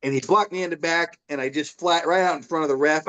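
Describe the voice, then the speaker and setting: Man, guest, lively storyteller, slightly high voice, casual chat. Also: quick pace. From Illinois. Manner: animated, acts out his own yelling in stories. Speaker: guest, former semi-pro football player.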